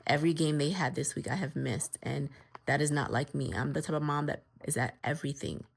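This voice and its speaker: A woman's voice: low voice, a little fast, vocal fry, husky. A middle-aged woman, speaking in pain and weary in a personal health vlog. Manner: weary, plainspoken, tired. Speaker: vlogger.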